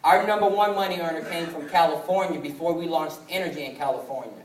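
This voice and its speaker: A man's voice: a little high, fast. A man in his twenties giving a motivational business presentation, telling stories and acting out family dialogue. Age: 20s. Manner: storytelling that acts out family dialogue. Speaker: sales presenter. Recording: echoey hall from far off, faint ambience.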